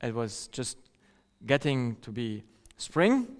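A man's voice: mid-range voice, very animated, slow pace. A middle-aged man preaching a sermon, telling a personal story and sometimes acting out the voices of the people in it. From rural countryside. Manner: storytelling, acts out quoted voices, laughs often. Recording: long hall reverb.

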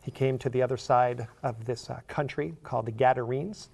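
Middle-aged male preacher with a gravelly voice and conversational delivery, reads scripture and explains it in a sermon. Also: medium pitch, steady tone, brisk, a little mellow. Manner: conversational, with fillers and repeated words.

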